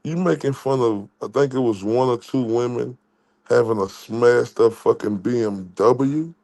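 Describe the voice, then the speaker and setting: Gravelly man ranting profanely. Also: medium pitch, measured pace, darkish tone. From Dallas, Texas. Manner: profane, insulting, repetitive ranting. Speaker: livestream host. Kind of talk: heated livestream rant.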